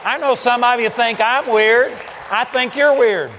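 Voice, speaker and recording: Male preacher, high-pitched, plain-spoken and joking, dull lo-fi sound. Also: a little slow, a crowd in the background, background noise. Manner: folksy, blunt and joking. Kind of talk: sermon. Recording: dull lo-fi sound with long hall reverb.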